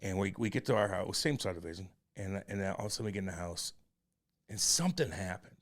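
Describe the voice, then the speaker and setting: A man in his forties co-hosting a podcast, telling a personal story in a rambling, profane way that turns loud and heated. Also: low voice, expressive, quick pace. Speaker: podcast co-host. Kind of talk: candid casual chat.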